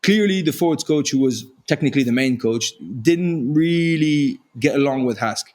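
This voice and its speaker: A man with a French accent, a former rugby player and podcast guest, telling self-deprecating stories in animated casual chat. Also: fairly high pitch, moderate pace. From France. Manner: self-deprecating, animated storyteller with frequent restarts.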